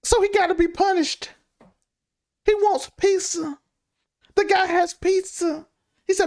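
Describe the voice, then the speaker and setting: A woman's voice: very high voice, steady tone, measured pace, pauses often, a little mellow. A woman co-hosting a casual podcast, arguing her point emphatically and pressing her co-host with questions. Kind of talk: casual news commentary chat.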